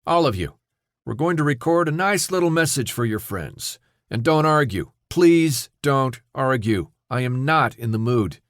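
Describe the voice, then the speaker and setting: A tired, irritable guard giving blunt orders, as the narrator reads him. The delivery is clipped and impatient, and the recording is dry and close. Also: male voice, mid-range voice, animated, a little slow, a bit bright, no room sound, voice pushed up. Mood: ordering. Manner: curt, weary. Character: weary, irritable male armored guard.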